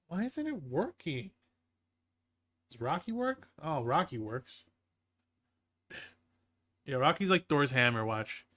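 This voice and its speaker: A man's voice: fairly high pitch, a bit bright. A man chatting casually on a live stream, rambling playfully and talking to his chat and to himself.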